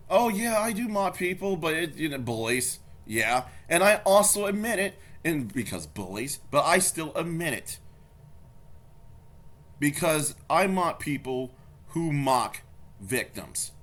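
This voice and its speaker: A man's voice: fairly high pitch, sing-song, measured pace, a bit bright. Heated man ranting on a reaction video. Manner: heated, confrontational, swearing, repeats himself. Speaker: YouTube commentator. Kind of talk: angry reaction commentary.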